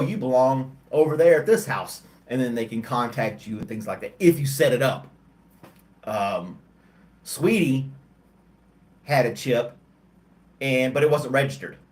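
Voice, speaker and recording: A man hosting a casual livestream chat, tired and yawning, talking in a rambling, hesitant way with many ums and restarts. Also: mid-range voice. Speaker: host of a livestream chat show. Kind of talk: casual chat with live chat viewers.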